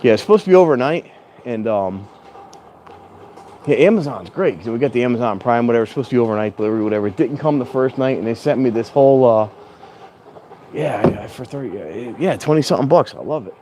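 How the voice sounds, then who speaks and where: A man's voice: medium pitch, lively intonation, fast talker, mellow, slight background noise. Chatty man vlogging outdoors. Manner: rambling, chatty, self-correcting, sometimes raises his voice. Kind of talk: casual rambling vlog chat. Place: outdoors at a train station in strong wind. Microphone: clip-on mic plugged into a handheld phone.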